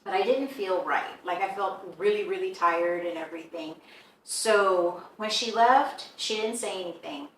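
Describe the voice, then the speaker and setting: Woman, shop owner, animated storyteller, roomy echo, faint background noise. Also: mid-range voice, moderate pace. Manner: animated storyteller who acts out quoted dialogue. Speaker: shop owner and tattoo artist. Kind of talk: recounting eerie events in casual conversation. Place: indoors in a shop. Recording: echoey room, mic some distance off, faint background hum.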